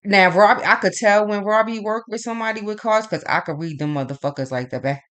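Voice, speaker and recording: A woman's voice: medium pitch, fast. A woman who reads astrology and tarot, talking in a casual monologue. She tells stories in a rambling, profane way and keeps acting out both sides of old arguments with emphasis. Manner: animated, profane, rambling storytelling; emphatic back-and-forth retelling of arguments.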